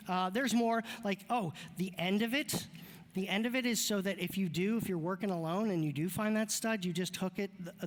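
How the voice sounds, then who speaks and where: Brief: male pastor, fairly high voice, loose joking sermon style, long church-hall reverb. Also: fairly bright tone. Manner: joking, conversational, chatty asides. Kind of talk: casual sermon. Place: church sanctuary.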